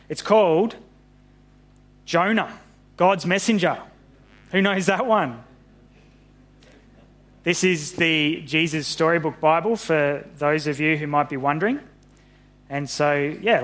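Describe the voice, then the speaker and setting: A man reading a Bible story aloud to children in an animated, friendly way. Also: a little high. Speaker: pastor.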